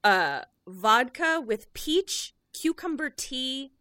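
A woman's voice: high voice, animated, slow pace, bright, forceful tone, dry recording, studio quality. A woman co-hosting a comedy podcast, chatting playfully with lots of fillers. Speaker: podcast co-host. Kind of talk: casual chat.

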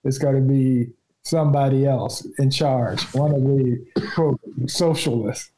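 Man, journalist guest, slow pace, mellow, casual podcast talk, rambling with restarts. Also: mid-range voice, fairly even intonation, slight background noise, poor audio. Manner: rambling storyteller with many restarts.

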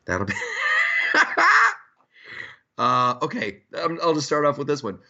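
A man's voice: fairly high pitch, takes it slowly, vocal fry, muffled recording. A man hosting a podcast, joking and ranting in casual political chat. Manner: joking, ranting, animated asides. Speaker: podcast host.

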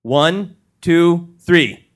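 A man's voice: fairly high pitch, extremely slow. A man hosting a live comedy podcast on stage, playfully joking and laughing with the audience. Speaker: live comedy show host.

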